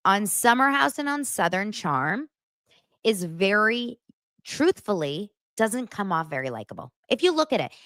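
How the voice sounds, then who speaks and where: A woman's voice: mid-range voice, very animated, unhurried, a bit bright, no echo. A young woman hosting a podcast, chatting casually and retelling reality-show scenes with lots of fillers. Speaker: podcast host. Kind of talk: casual pop-culture chat.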